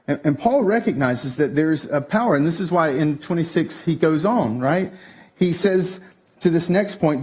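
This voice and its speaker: A man preaching a sermon, telling a family story with lively shifts up into a tense, excited delivery. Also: moderate pace. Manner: animated storytelling, voice jumps high when telling the tense part. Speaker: pastor. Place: church stage.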